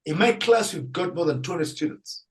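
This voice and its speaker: Animated man telling a story, laughing often. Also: a little high, normal speed, low-quality recording. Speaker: Catholic priest guest. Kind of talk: storytelling in a faith interview.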